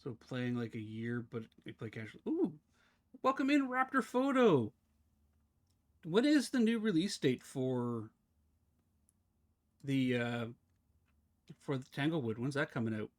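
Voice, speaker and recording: A man live-streaming a game, chatting casually with his viewers as he plays, talking fast and slurring his words together. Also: medium pitch, very animated, darkish tone. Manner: chatty, talks to chat while fiddling with settings. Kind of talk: casual live-stream chat while gaming.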